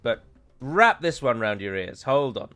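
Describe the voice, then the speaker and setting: A man's voice: mid-range voice, big pitch swings, unhurried, fairly bright tone, smooth, soft background music. Chatty British man streaming a war game. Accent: British English. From United Kingdom. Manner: chatty, with mock-heroic pronouncements. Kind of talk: live gameplay commentary.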